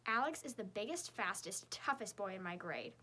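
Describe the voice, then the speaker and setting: A woman narrating a children's chapter book in the first person, in a lively, girlish storytelling voice. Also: medium pitch, normal speed, husky. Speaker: audiobook narrator.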